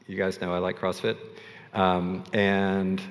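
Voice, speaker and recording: A male pastor preaching in a relaxed, conversational way, telling stories with self-deprecating asides. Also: low-pitched, slow pace, in a large hall. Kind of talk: sermon.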